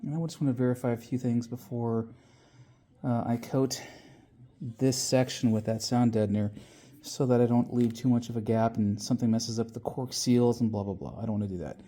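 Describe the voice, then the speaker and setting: A man talks through his restoration project in a loose, rambling way, filling pauses with ums and letting the odd curse slip. His voice sits at an ordinary middle pitch, and he sounds slightly winded after an illness. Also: steady tone, warm tone. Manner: rambling, frequent fillers, casual swearing. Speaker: car restoration vlogger. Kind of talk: casual workshop walkthrough.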